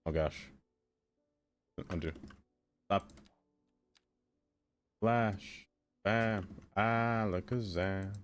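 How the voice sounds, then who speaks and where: A man streaming a game and chatting with his viewers in a playful, teasing way, often breaking into high sing-song catchphrases. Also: drawn-out words, pauses often, clear, resonant tone, soft background music. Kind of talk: casual live-stream chat with viewers.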